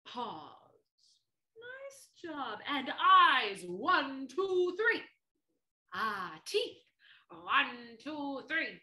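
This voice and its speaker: Friendly three-eyed monster lady as a woman puts her on, high and bright, playful, slow, children's theater class. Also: big pitch swings, reverberant, full character voice. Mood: encouraging. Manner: slow, playful and theatrical, counting moves aloud.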